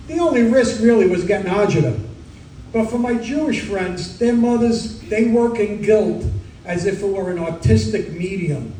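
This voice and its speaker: A middle-aged stand-up comic from Brooklyn with a New York Italian accent, firing off quick one-liners with deadpan punchlines. His voice sits high for a man, and it reaches the mic from across a roomy club with a faint murmur of the room behind it. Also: slight background noise. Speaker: stand-up comedian. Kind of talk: stand-up comedy set. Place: comedy club stage. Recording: roomy club sound from a distance.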